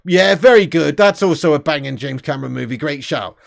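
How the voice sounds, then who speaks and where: A young man hosting a casual livestream, reading super chats, loud and sweary with lots of banter. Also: on the high side, expressive, a little fast, gravelly. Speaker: livestream host.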